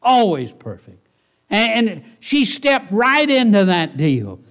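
A man preaching a sermon in church, folksy and animated, often asking the congregation rhetorical questions. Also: high-pitched, slow. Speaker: pastor.

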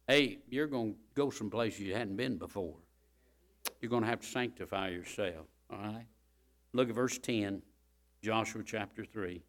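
A male preacher, delivering a fiery sermon that swells into loud, impassioned shouting and repeats its phrases. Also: on the low side, normal speed.

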